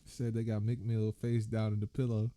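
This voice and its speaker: A man co-hosting a let's-play, tossing in quick jokes. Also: fairly low pitch, monotone, warm tone. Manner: joking, quick quips. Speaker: co-host. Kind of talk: casual let's-play banter.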